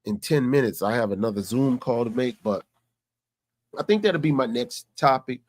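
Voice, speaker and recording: A man's voice: medium pitch, lively intonation, normal speed. A man vlogging, telling a story in a loose, conversational way. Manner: conversational, repeats "you know what I'm saying". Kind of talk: casual storytelling.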